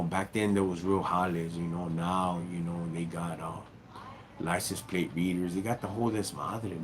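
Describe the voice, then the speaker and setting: A man's voice: fairly low pitch, slight background noise. A middle-aged man from Southern California with a Chicano English accent, hosting a casual livestream and talking slangy street talk, calling his viewers dog and homie. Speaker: livestream host.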